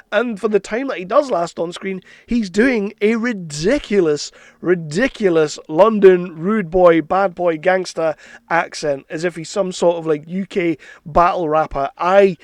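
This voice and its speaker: A man with a fairly high voice talks through his opinions of a film in a casual, spoken review. He is chatty and frank about what he liked and disliked. The sound is dry and close, with no room echo.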